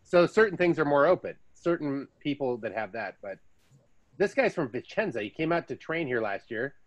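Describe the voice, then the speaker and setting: An American man hosting a podcast, telling stories in a chatty, casual way with lively asides. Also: a little high, moderate pace. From United States. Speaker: podcast host. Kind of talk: casual chat.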